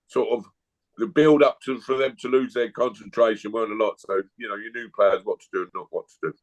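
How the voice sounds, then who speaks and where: A man's voice: mid-range voice, low-quality recording. A man, a guest telling blunt, jokey stories in a casual chat.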